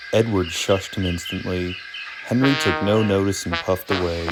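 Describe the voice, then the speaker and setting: A man narrating a storybook tale in a steady, measured reading voice. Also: deep voice, over loud music.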